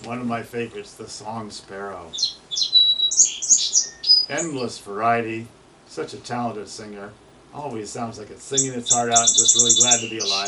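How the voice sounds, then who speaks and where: A man's voice: on the low side, steady tone, normal speed, pauses often, very noisy. A man giving an informal slide presentation on birds to an audience, chatting, asking them questions and imitating bird songs in words. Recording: distant mic with loud bird recordings playing.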